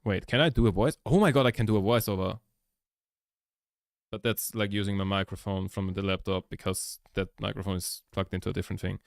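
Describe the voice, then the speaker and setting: Casual male streamer, lowish voice, dry close sound, rambly and profane. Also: steady tone, fairly quick, gravelly, dry recording. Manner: rambling, swears a lot, laughs often. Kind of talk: casual chat while editing. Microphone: laptop microphone.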